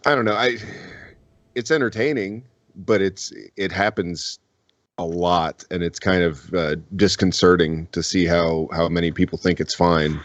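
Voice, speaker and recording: A man's voice: sits low, unhurried, dry recording, dull audio. A man talking loosely and profanely in a casual podcast panel chat, rambling through his points.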